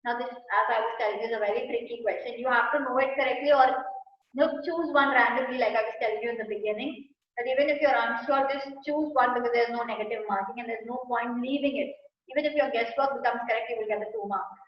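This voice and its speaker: A woman's voice: fairly high pitch, fast. A woman with an Indian English accent who tutors for exams. She explains answers patiently, repeats the key points and often checks in with "right?" and "you know". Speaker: exam tutor. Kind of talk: explaining exam questions. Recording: echoey room, dull lo-fi sound.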